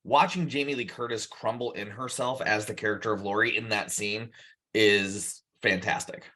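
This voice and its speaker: Bright-voiced emphatic podcast man. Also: lowish voice, normal speed. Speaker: podcast co-host. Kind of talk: casual film discussion.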